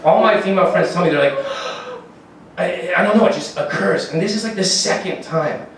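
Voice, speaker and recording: 30s guy doing standup, kinda high voice, swears a lot, super echoey room, mic far off. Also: brisk, slight background noise. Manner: rambling, profane, acts out dialogue in raised voices. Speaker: stand-up comedian. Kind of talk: stand-up comedy set.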